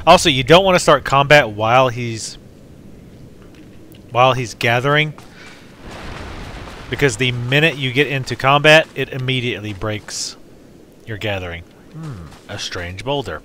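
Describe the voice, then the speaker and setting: A man with a bright, forward voice at a middle pitch talks through his gameplay. His commentary is casual and rambling, full of asides and jokes aimed at his viewers. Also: a little slow, long pauses, a little hiss or hum. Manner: rambling, jokey, talks while playing. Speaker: let's play host.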